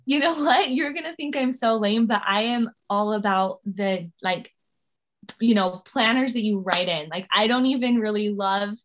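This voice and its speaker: A woman's voice: medium pitch, moderate pace. Chatty woman guest, candid and upbeat. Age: 30s. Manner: chatty and candid, laughs often. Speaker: podcast guest. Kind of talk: casual interview chat.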